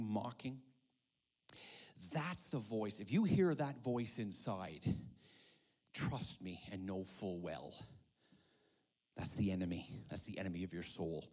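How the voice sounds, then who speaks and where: A male pastor giving a dramatic sermon, swinging from hushed whispers to loud calls. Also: lowish voice.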